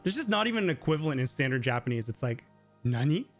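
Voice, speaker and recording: A man's voice: medium pitch, very animated, very fast, faint music behind. A man hosting a casual live Q&A stream, explaining Japanese in a chatty way full of filler words. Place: living in Japan.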